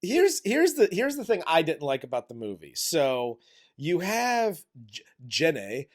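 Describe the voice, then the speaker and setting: A man co-hosting a movie review show in casual chat, animated and profane, acting out scenes from the film. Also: a little high, unhurried. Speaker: movie review podcast co-host.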